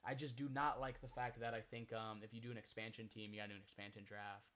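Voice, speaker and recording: A man's voice: on the low side, flat delivery, quick pace, fairly bright tone. A man co-hosting a casual sports podcast, talking in a rambling, opinionated way that often trails off and restarts, recorded remotely. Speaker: podcast co-host. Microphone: remote recording, apart from co-host.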